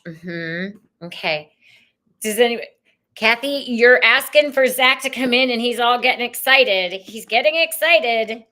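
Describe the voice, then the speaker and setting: A woman's voice: mid-range voice, bright, forceful tone, clean tone. A middle-aged woman hosting a live-streamed tarot reading, chatty and exclamatory with spiritual messages. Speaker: tarot reader and host.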